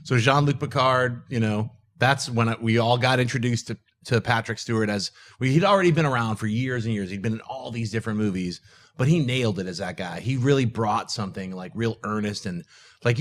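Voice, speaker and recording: Brief: male co-host, casual movie chat, lively, mid pitch. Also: fairly quick. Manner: animated, jokey, breaks into goofy put-on voices.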